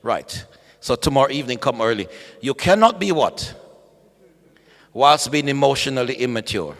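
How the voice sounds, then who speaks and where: A man preaching at a bible study, animated, calling out to the congregation and acting out voices. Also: medium pitch, moderate pace. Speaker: pastor. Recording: echoey hall.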